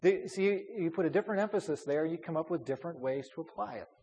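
This man's voice is on the high side, gravelly and dark, and he talks fast. As a pastor leading a casual Bible study, he speaks conversationally with fillers and repetitions, recorded with long hall reverb.

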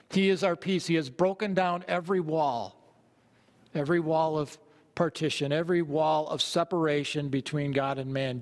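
A man's voice: a little high, big-room sound. A man preaching a sermon, earnest, reading scripture aloud and repeating phrases for emphasis. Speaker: pastor.

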